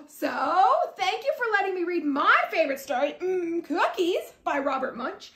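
A woman's voice: high voice, animated, a little slow, sharp tone. A woman reading a picture book aloud to young children, playful, adding sound effects and prompting them to join in. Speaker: guest story reader. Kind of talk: animated read-aloud to children. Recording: echoey room.

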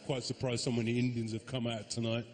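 A man's voice: mid-range voice, flat delivery, fast, a little mellow. A man doing live stand-up, brash and teasing the crowd, with plenty of swearing. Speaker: stand-up comedian. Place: large comedy venue. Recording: echoey hall, audience noise.

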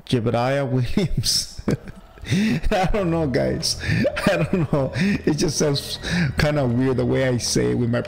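A man's voice: mid-range voice, slow pace, vocal fry, poor audio. A man with a heavy accent giving casual let's-play commentary as a gaming channel host, chatty and laughing at himself.

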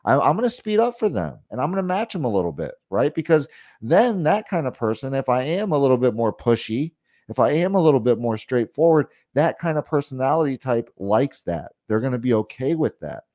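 Clean, studio-quality audio with no room sound captures a man of medium pitch talking briskly through a relaxed sales training. He keeps tossing in "right?" and "you know" while role-playing questions to customers, some pushy, some calm.

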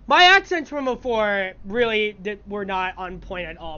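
A woman's voice: mid-range voice, normal speed, few pauses, sharp tone, clear, resonant tone. A woman giving casual let's-play commentary, mumbling asides and breaking into startled reactions, on a dull lo-fi mic. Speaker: gaming video creator.

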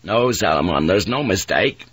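A man voicing a steady ship's pilot who speaks in a kind, level, measured way. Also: deep voice, slightly rough, dry recording, heavily acted.

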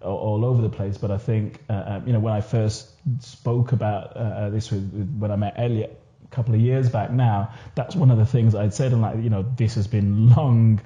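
Man, low dark voice, earnest and halting, echoey room, dull lo-fi sound. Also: fairly even intonation. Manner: earnest, halting, many repeated words and restarts. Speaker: podcast guest. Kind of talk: casual podcast discussion.

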